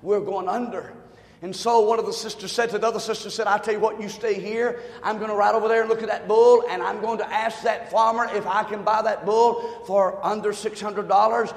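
A man preaching a sermon, telling a folksy joke story and swinging from quiet talk to shouting. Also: sits high, fairly even intonation, brisk. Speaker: pastor. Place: church sanctuary. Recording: echoey hall, long reverb.

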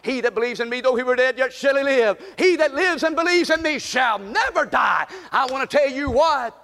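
A man preaching a fervent sermon, often shouting and calling the congregation to repeat after him. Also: very high voice, animated, normal speed. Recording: long reverb in a large hall.

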